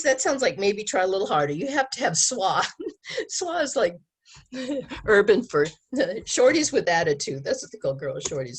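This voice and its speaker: A woman educator giving an animated talk to an audience, acting out quoted lines and laughing often. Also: mid-range voice, breathy edge. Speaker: abstinence educator. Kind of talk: presentation to an audience.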